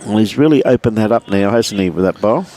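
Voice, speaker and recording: A man's voice: fairly low pitch, quick pace, mellow. Chatty man calling lawn bowls. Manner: chatty, greets viewers by name, says "mate" often. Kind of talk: live sports commentary. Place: outdoors at a bowls club.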